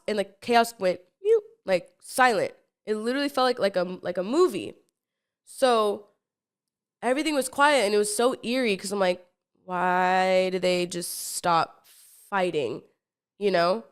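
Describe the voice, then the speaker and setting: A young woman hosts a podcast and tells a story in a loose, breathless way. She leans on "like" and repeated words and curses freely in a relaxed, conversational delivery. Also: mid-range voice. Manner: animated, swears freely. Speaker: podcast host. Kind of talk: casual storytime monologue.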